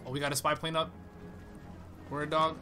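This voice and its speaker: Profane, excitable male gamer. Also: a little high, moderate pace. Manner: profane, trash-talking, excitable. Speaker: gaming channel host. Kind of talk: live gameplay commentary.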